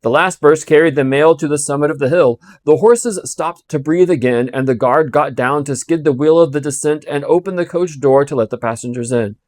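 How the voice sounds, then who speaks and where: A man reading a classic novel aloud with expressive storytelling. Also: on the high side, brisk, hardly any pauses, no echo, studio quality. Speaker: audiobook reader.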